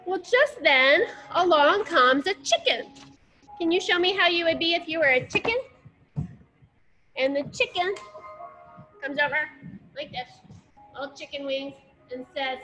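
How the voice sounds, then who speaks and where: A woman's voice: sits high, lively intonation, unhurried, long pauses, pushed and bright, muffled recording. A woman leading small children through a dance class, telling a playful story with movement cues. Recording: echoey room with faint music.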